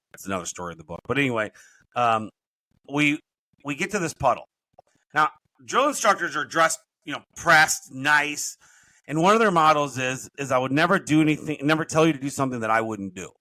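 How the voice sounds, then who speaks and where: This middle-aged business coach, appearing as a podcast guest, rambles through his stories and keeps correcting himself in a casual storytelling interview. His medium-pitched voice sounds bright and forceful. The recording is low quality but has no echo.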